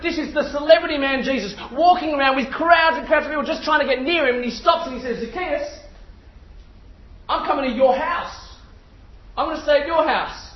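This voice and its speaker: A man preaching a sermon to a crowd in a large hall, telling the story with animation and checking in with his listeners through questions. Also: very high voice. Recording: echoey hall, distant mic, dull sound, faint noise.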